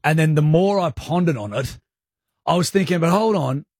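Husky laid-back Australian male radio host. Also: fairly high pitch, lively intonation, normal speed, darkish tone, no room sound, studio quality. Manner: laid-back, storytelling, teasing. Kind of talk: casual on-air banter.

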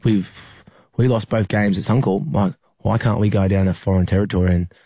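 Deep-voiced Australian man, halting and candid. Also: fairly even intonation, creaky, warm tone, slightly rough, dry recording. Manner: halting, many fillers and restarts. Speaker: rugby league player. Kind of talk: interview storytelling.

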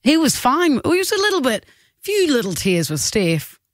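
A woman's voice: sits high, very animated, moderate pace. Chatty young Aussie radio woman. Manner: chatty, laughs a lot. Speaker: radio co-host. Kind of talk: casual on-air banter. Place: radio studio.

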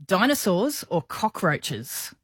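A woman's voice: mid-range voice, sing-song, breathy edge, no echo, clean studio sound. A woman hosting a breakfast radio quiz, reading questions and laughing with her co-hosts. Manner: quizmaster, reads questions slowly and giggles. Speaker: radio host.

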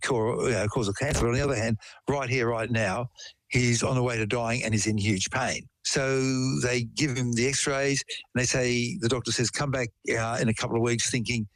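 A man's voice: medium pitch, fairly even intonation, normal speed, no room sound, poor audio. Man telling a medical story. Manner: storytelling, explains terms with everyday examples. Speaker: science explainer. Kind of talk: casual chat.

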